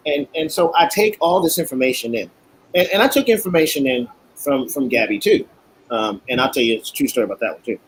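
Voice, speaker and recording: A man of middle pitch, a cigar-maker guest, tells stories in a lively, animated way. He voices other people's words as he recounts them. A faint background hiss sits under his voice. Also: a little fast, low-quality recording. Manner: animated, acts out quotes. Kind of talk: casual storytelling.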